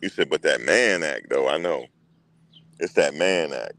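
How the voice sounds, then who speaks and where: Deep-voiced man chatting on a livestream. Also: measured pace, no echo. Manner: animated, talks back to chat, mock-quotes others. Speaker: livestream host. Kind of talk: casual livestream chat.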